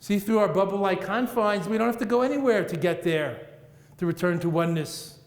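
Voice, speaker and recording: A man's voice: sits high, fairly quick. Playful male teacher in echoey hall. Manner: playful, rhythmic, laughs at his own jokes. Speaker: Buddhist teacher. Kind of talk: dharma talk to an audience. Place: large meeting room with audience. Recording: echoey hall, roomy reverb.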